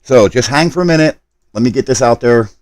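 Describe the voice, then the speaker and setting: A man's voice: mid-range voice, animated, fairly quick, darkish tone, dry recording. A man live streaming a game, talking to his chat while he hurries through setup and apologizes for his mistakes.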